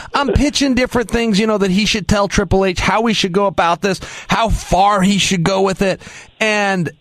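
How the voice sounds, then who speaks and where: High voiced guy on a radio show, swoopy and excitable, dry close sound. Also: no room sound. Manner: excitable, emphatic, self-mocking. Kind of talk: animated storytelling.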